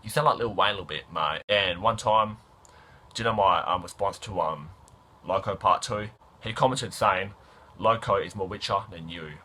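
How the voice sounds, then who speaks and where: Guest male reviewer, lowish, husky yet bright voice, offhand rant. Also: normal speed. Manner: offhand, keeps saying "mate". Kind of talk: casual ranting review.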